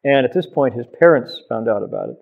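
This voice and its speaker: A man telling a story with lively sound effects and acted quotes, recorded in an oral history interview. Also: mid-range voice, a little fast, vocal fry. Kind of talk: animated storytelling. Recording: tinny phone-like sound.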